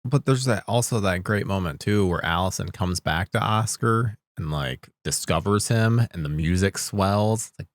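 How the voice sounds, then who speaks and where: A man's voice: deep voice, normal speed, few pauses, dry recording. A man co-hosting a podcast in casual chat, enthusiastic and joking, with some swearing. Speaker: podcast co-host.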